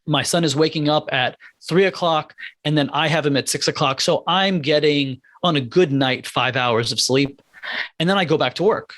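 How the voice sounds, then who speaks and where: Middle-aged guy opening up on a podcast, halting and candid, dry close sound. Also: on the high side, a bit bright, dry recording. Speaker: podcast guest, pediatrician. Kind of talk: personal storytelling.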